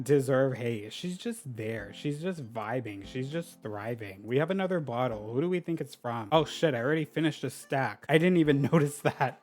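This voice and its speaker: A young man talks through a game on a desk mic, chatty and dramatic. His voice sits at an ordinary middle pitch. He says "like" constantly and swears without a second thought. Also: darkish tone. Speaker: gaming YouTuber. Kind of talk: casual gameplay commentary.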